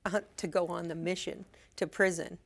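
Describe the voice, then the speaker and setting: Earnest woman ministry leader, slightly gravelly. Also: fairly low pitch, fairly even intonation. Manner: earnest, quick restarts, laughs easily. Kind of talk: casual talk-show chat.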